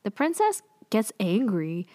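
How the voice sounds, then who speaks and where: A young woman casually recapping a TV drama, chatty and full of fillers and quick asides. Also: medium pitch, huge pitch swings, dark tone, dry recording.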